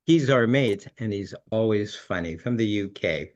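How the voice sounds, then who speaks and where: A man's voice: fairly low pitch, lively intonation, moderate pace, lo-fi sound. Chatty male magic show host. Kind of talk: hosting an online magic show.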